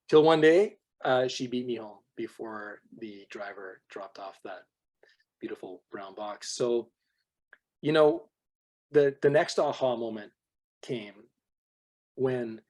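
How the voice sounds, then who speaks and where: A man's voice: mid-range voice, slow pace, long pauses. A man telling personal stories to his sales team on a call, acting out dialogue, his voice worn from a long night of talking. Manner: animated storyteller, acts out quoted dialogue. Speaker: guest trainer on a team call.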